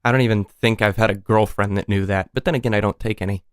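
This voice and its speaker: A man's voice: fairly low pitch, steady tone, fast, clean tone, no room sound. Dry-witted young man co-hosting. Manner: dry, sarcastic reactions, short interjections. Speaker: podcast co-host. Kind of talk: casual chat.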